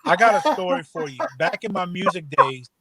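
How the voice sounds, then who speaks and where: A man from Texas chats as a podcast guest in a high voice. The sound is close and dry. He tells his stories in an animated way, full of "uh" and restarts. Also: brisk, husky, dry recording. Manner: animated storyteller, full of fillers. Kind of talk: casual storytelling chat.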